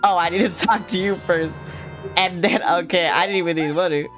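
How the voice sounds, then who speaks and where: A woman's voice: lowish voice, steady tone, fairly quick, fairly bright tone. A young woman streaming a video game at home, chatting casually with the game, swearing now and then. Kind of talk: live gameplay commentary. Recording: game music playing underneath.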